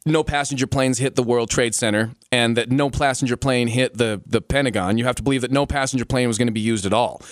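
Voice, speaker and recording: A man co-hosting a casual podcast, talking in an animated, incredulous way with many restarts. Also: mid-range voice, quick pace, few pauses, no echo, clean studio sound. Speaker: podcast co-host.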